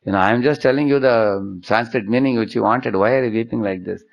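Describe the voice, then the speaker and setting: A man's voice: medium pitch, fairly quick, vocal fry, natural voice. A man doing a scornful old guru. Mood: startled. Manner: scolding, dismissive questions. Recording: dull lo-fi sound.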